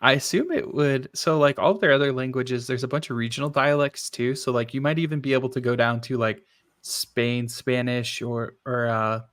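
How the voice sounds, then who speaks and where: A man's voice: mid-range voice, moderate pace. A man talking casually on a tech podcast, chatty and self-deprecating. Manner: chatty, self-deprecating, quotes people in lively voices. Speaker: podcast host.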